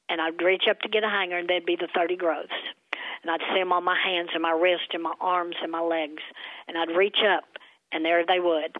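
A woman guest telling a personal faith story in a lively, storytelling way. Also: on the low side, no echo. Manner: animated, acts out her father's voice in quotes. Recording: tinny phone-like sound.

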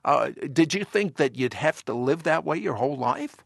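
A man interviewing a guest, asking questions in a halting way with fillers and repeats. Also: on the high side, animated, creaky, dry recording, clean studio sound.

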